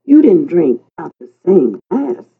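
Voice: mid-range voice, big pitch swings, measured pace, gravelly, slightly rough, exaggerated voice. A storyteller voicing a grizzled old male park worker who talks in a folksy, hesitant, stammering way. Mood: puzzled. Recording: tinny phone-like sound.

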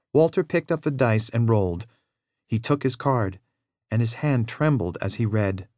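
A man narrating a children's adventure story in a measured, expressive read-aloud style, with a very dry sound. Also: mid-range voice, dry recording.

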